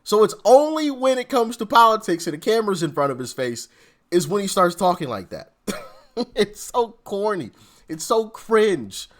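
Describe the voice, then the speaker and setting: Animated laughing male commentary host. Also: high-pitched, normal speed. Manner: laughing, exasperated, informal slang. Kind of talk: casual reaction commentary.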